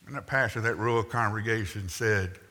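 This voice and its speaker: A man's voice: on the low side, steady tone, a little fast, bright, forceful tone. A man preaching a sermon, telling the story with wry asides and acting out the quotes. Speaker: pastor. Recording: long reverb in a large hall.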